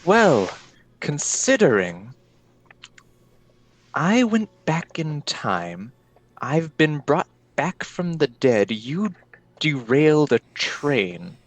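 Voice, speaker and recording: A man playing a tabletop game, answering in a measured, thinking-aloud way. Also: fairly high pitch, very animated. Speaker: player.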